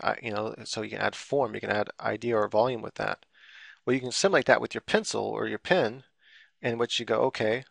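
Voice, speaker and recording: In a dry, studio-quality recording, a drawing instructor with a low-ish, creaky, slightly bright voice talks through his on-screen work. His tutorial is casual and meandering, packed with fillers and loose explanations.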